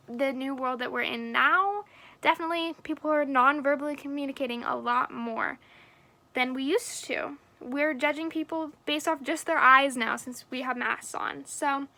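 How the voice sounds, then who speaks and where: A woman's voice: sits high, gravelly, pushed and bright. A young woman student giving a class mini-lecture, earnest and explanatory, stressing key words. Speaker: student presenter.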